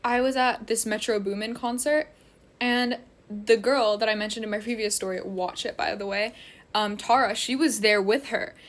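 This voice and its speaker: A woman's voice: on the high side, fairly even intonation, moderate pace. A teenage girl rambling through a casual storytime while getting ready at home, filling every sentence with "like". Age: teens. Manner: rambling, heavy use of "like" fillers.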